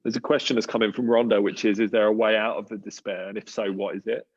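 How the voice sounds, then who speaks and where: A man's voice: on the low side, little pitch movement, fast, husky, muffled recording. A man with an Australian accent hosting a church panel, talking through a passage in a conversational, thoughtful way with many fillers and restarts. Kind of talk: casual talk on a live panel.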